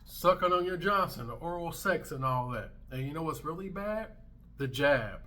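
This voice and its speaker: Man in his thirties, vlog host; brash emphatic rant, bright tense tone. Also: on the high side, lively intonation, normal speed. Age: 30s. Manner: brash, emphatic, swearing freely. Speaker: commentary channel host. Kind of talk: ranting commentary vlog.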